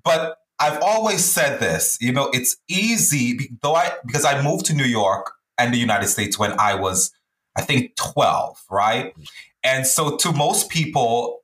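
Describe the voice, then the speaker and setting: Bright-voiced male podcast host, roomy sound. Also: mid-range voice, expressive, unhurried. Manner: conversational, laughs often, repeats words when starting sentences. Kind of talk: casual interview chat.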